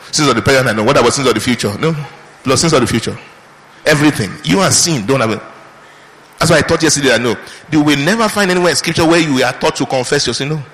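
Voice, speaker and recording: A man pastor preaching a sermon with lively rhetorical questions. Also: on the high side. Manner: animated preaching with mimicked prayers and rhetorical questions. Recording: reverberant hall.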